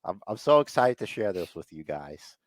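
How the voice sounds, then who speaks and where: Animated man chatting about wrestling. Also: low voice, normal speed, no room sound. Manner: excitable, laughing, acts out quoted voices. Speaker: podcast co-host. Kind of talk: casual wrestling chat.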